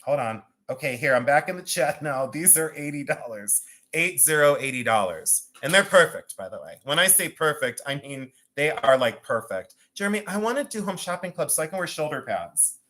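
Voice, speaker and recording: A man hosting a live jewelry and art sale stream, talking in a chatty, excitable way with self-mocking banter from a room at home. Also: a little high, normal speed, hardly any pauses. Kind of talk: live-stream selling chat.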